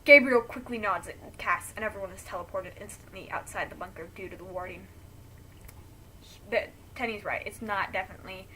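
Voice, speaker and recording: A woman's voice: mid-range voice, a little fast, bright, forceful tone, slight background noise. A woman reading a friend's story aloud, breaking off to react emotionally.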